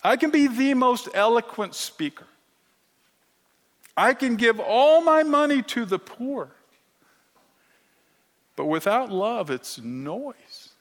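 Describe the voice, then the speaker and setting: Earnest preacher in a reverberant hall. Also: male voice, very high-pitched, lively intonation, slow pace, pauses often. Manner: emphatic, earnest, grows emotional and quiet. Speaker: pastor. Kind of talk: sermon.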